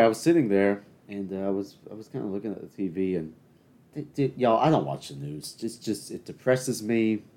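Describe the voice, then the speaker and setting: Low-voiced man rambling on a podcast. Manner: rambling, opinionated, with many fillers and restarts; bursts into loud, high exasperation at a game on TV. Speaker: podcast host. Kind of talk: casual solo rant.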